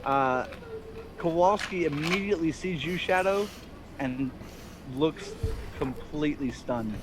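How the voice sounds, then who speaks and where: A man's voice: fairly high pitch, slow. A man narrating as game master of a tabletop game, loose and chuckling, full of fillers.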